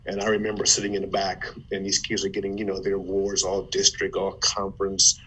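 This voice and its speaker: Man from Ohio, motivational speaker, low and husky, lively storyteller. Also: brisk, rough recording. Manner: animated, with stammered restarts. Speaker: guest, former football player turned motivational speaker. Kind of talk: conversational storytelling.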